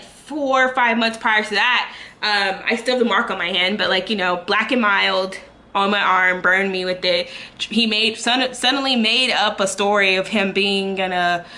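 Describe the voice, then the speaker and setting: A young woman talking through a personal story in a casual vlog, candid and unpolished, full of fillers and restarts. Her voice is bright and sits at an ordinary pitch. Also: a little hiss or hum. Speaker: vlogger.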